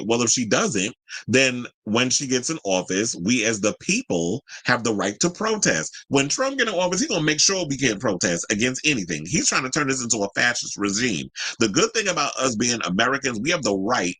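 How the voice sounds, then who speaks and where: A man's voice: mid-range voice, sing-song, moderate pace, fairly bright tone, breathy edge, dry recording, rough recording. A man hosting a celebrity news commentary show, ranting bluntly and heatedly, with a lot of cursing. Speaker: commentary host.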